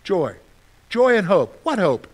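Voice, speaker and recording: A male pastor gives a conversational sermon in a fairly high voice. He throws questions at his listeners and answers them himself. His stories turn animated, with loud bursts of exclamation. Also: slow, breathy edge. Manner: animated storytelling with sudden loud outbursts.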